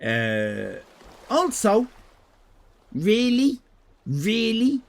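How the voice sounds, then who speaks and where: This Irish-accented livestreamer talks extremely slowly in a high-pitched voice with huge pitch swings and vocal fry. While drawing, he chats crudely and irreverently, rambling on and reading out comments from chat.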